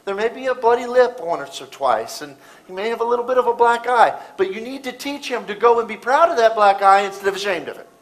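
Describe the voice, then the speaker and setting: A middle-aged man preaching a sermon, telling a story that swings between loud bursts and hushed, quiet moments. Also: high voice, animated, a little fast, hardly any pauses, poor audio.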